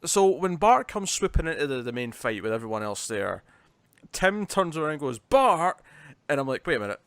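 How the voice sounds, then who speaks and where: A British man chats about comics on a podcast. His delivery is loose and animated, full of restarts and quick retellings. The recording is close and dry, with no room sound. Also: mid-range voice, smooth, no echo. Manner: chatty, lively retelling with laughs and restarts. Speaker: podcast co-host. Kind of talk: casual comic review chat.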